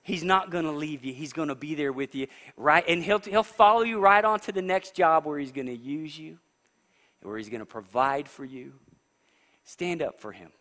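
A male pastor giving a sermon, preaching with animated swings between quiet and loud. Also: normal speed. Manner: animated preaching, rising and falling in pitch and volume. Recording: long reverb of a large hall.

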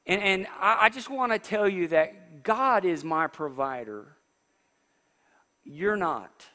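Preacher man with a bright, high voice. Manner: animated preaching, rising and falling in pitch and volume. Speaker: pastor. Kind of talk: sermon. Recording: long reverb of a large hall.

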